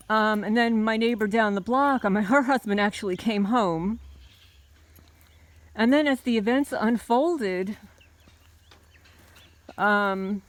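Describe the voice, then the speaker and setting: A woman's voice: medium pitch, slow, long pauses. Talkative middle-aged woman recalling a memory. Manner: conversational, with many fillers and restarts. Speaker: homesteading channel host. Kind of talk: personal storytelling to camera.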